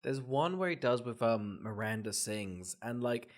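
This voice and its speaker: A man's voice: mid-range voice, animated, unhurried. A man co-hosting a podcast, chatting casually with ironic jokes and riffs. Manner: joking, ironic, riffing. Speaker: podcast co-host. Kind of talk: casual chat, film review.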